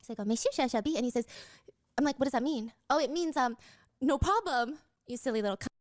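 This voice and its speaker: Woman host, high bright voice that swings widely; giggly, animated storyteller for a casual chat. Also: fast.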